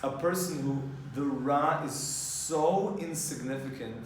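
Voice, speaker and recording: A male Torah teacher gives an informal class lecture in a classroom, his voice a little high and slow. He's lively and explanatory, mixing in Hebrew terms. The room is echoey, with a distant mic, faint ambience, and slight background noise.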